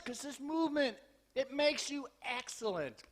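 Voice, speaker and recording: A man giving a scripture class to an audience in a temple hall. He tells stories in an animated, humorous way, acts out dialogue, and urges his listeners on. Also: very high voice, measured pace. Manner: urgent and exhorting. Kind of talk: sermon with lively storytelling.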